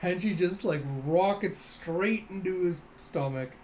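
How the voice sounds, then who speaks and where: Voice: mid-range voice, a little slow, a little mellow, a little hiss or hum. A host reading a manga aloud in a casual way, laughing often and making sound effects along the way. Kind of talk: casual comic readthrough.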